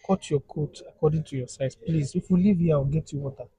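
A man's voice: fairly high pitch, brisk, warm tone, breathy edge, no echo. A Nigerian man on a couple's vlog, pleading and joking with his wife in Pidgin-flavored English. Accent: Nigerian, mixing in Pidgin. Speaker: vlogger. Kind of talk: casual couple vlog banter.

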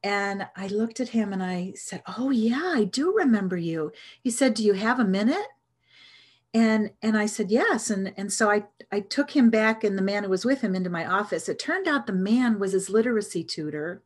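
A woman's voice: mid-range voice, lively intonation, moderate pace, breathy edge. A middle-aged woman telling a personal story in an earnest, reflective way, with hesitant restarts. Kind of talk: storytelling talk.

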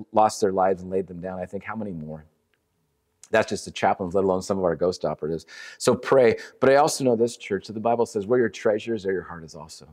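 A middle-aged man preaching to a church, earnest and conversational, telling a story with many restarts. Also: deep voice. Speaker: ministry leader speaking at a church. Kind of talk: sermon with storytelling.

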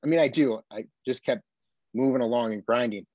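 Guy from upstate new york telling war stories, earnest, keeps asking "right?", mid pitch, kinda muffled dry audio. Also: brisk, no echo. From Buffalo, USA. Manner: earnest, animated storytelling with frequent tag questions. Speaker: podcast guest, army veteran. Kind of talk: casual conversation.

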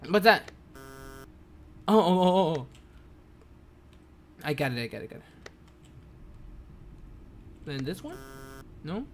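A man whose first language is Spanish, streaming a game live in broken English, jumpy and quick to yelp and curse when startled. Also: high voice, sing-song, a little hiss or hum. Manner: broken, non-native English.

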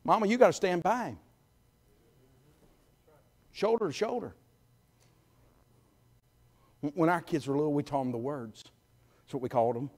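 A middle-aged man preaching a sermon in a church, folksy and emphatic, swinging between loud calls and quiet asides. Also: a little high, moderate pace, pauses often. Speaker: guest preacher. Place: church sanctuary.

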